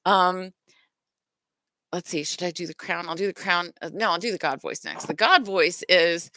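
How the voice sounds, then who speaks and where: A woman's voice: lowish voice, moderate pace, bright, forceful tone, dry recording. A middle-aged woman hosting a self-worth lesson, talking casually and earnestly, often stopping to restart or correct herself. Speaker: self-worth teacher and host. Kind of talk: casual spoken teaching talk.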